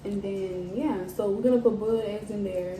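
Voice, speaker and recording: Mellow-voiced woman chatting over food. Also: medium pitch, moderate pace. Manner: relaxed, explains step by step with many "like"s. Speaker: mukbang co-host. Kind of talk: casual chat while eating. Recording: echoey room, mic at a distance, faint background hiss.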